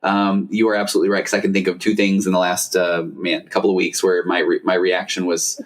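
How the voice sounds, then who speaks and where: A man's voice: low voice, completely flat delivery, fast talker. A middle-aged man, a therapist hosting a podcast, talking casually and rambling with lots of fillers and restarts. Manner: rambling, self-interrupting, frequent fillers. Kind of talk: casual conversational interview.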